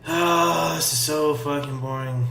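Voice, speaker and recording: A man's voice: a little high, measured pace, vocal fry, slight background noise. Sarcastic man reading aloud in an echoey room. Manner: sarcastic, swears, reads lines flatly. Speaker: streamer reading and commenting on a chat log. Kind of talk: casual commentary, reading aloud. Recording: echoey room with faint music.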